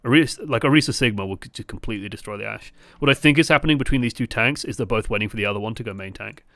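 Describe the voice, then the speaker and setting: Bright-voiced, blunt male game coach. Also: fairly low pitch, racing, dry recording. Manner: swings from calm analysis to exasperated shouting; blunt, swears freely. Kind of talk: live-streamed gameplay review commentary.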